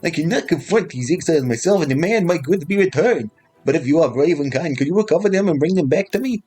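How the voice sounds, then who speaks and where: A man's voice: on the high side, lively intonation, quick pace, mellow, faint music behind, voice pushed up. A man putting on a pleading meek merchant. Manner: pleading, overly polite. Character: meek unfortunate male merchant.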